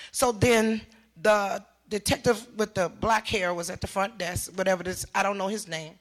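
An older woman giving emotional personal testimony as a mother, talking emphatically and repeating herself, her voice rising into shouts. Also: mid-range voice, moderate pace.

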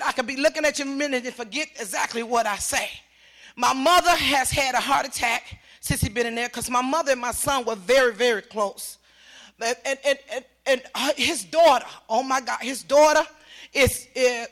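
An older woman gives personal testimony with a high, piercing voice. She speaks emphatically and circles back over the same words. Her voice often climbs into shouting. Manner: emphatic, repetitive, voice rising to shouts. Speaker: mother giving testimony.

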